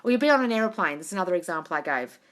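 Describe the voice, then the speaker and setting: Young woman, bright voice, casual live-stream Q&A, phone mic, frank and chatty, swears, calls everyone darling. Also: on the low side, animated, very fast. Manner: reads viewer comments aloud and answers them. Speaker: manifestation coach answering live questions. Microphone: phone at arm's length.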